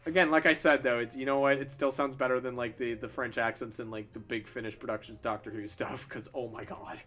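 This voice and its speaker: A man's voice: mid-range voice, fairly even intonation, a little fast, bright, forceful tone, faint music behind. A young man, a streaming artist, chatting casually and rambling while he draws. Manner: chatty, rambling, self-interrupting.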